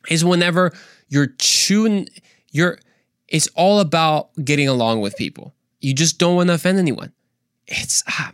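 A man hosting a faith podcast, earnest and animated, repeating points for emphasis and joking in between. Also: on the high side, normal speed, clean tone, no room sound, studio quality. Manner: playful, tries silly accents, earnest preaching. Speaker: podcast host. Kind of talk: casual faith podcast monologue.

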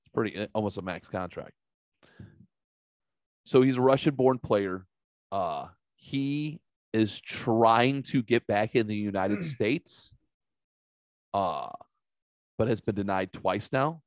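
Profane, animated storytelling man. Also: on the low side, takes it slowly, pauses often, no echo. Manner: animated, profane, acts out quotes. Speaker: podcast host. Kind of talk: casual storytelling chat.

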